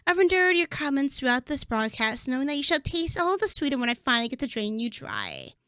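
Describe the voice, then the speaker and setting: A woman voicing a haughty, cruel and seductive vampire mistress from a game, speaking in a grand, mocking, drawn-out way. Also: high voice, wildly swooping pitch, sharp tone, no room sound, clean studio sound, exaggerated voice. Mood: scornful.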